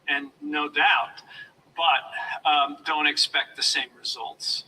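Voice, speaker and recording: A former law enforcement officer giving a motivational lecture, coaching his audience in a deliberate, demonstrative way, recorded from a distance. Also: fairly high pitch, fairly even intonation, pushed and bright, slight background noise.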